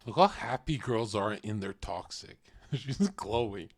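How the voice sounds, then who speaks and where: A man's voice: on the low side, big pitch swings, unhurried, faint music behind. Blunt mocking young man streamer. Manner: blunt, mocking, acts out quoted voices. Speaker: streamer reacting to a clip. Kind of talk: casual reaction commentary.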